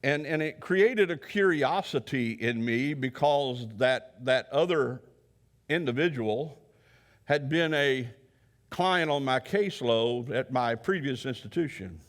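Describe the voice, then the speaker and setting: An earnest male counselor tells a story from his work at a mid pitch for a man. He speaks at an unhurried storytelling pace and often repeats himself. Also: lively intonation. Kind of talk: storytelling talk.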